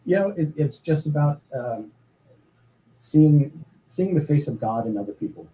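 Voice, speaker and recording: A man talking earnestly as an interview guest about his charity's work, pausing often with fillers and restarts. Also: a little high, expressive, warm tone, rough recording. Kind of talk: casual interview talk.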